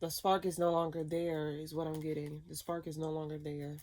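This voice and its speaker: A woman's voice: low voice, level tone, brisk, a little mellow, slight background noise. A woman doing a casual tarot reading, blunt and profane, given to ranting. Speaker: tarot reader.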